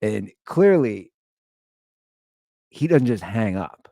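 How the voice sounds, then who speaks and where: A man's voice: lowish voice, sing-song, slow pace, mellow, no echo, clean studio sound. A man hosting his show, giving amused, rambling commentary on a prank call. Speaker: show host. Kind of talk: casual commentary.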